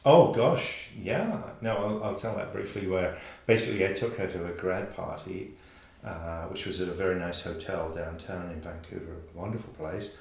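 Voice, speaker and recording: An older man in his sixties shares stories in a loose, joking chat. His voice sits a little low and laughs come easily. The sound bounces around an echoey room. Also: moderate pace, vocal fry. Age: 60s. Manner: jokey, laughs easily, storytelling. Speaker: podcast co-host. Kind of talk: casual chat.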